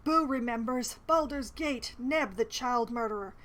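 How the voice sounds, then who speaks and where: A woman voicing a burly, simple and fierce male warrior from a fantasy game, shouting threats. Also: fairly high pitch, measured pace.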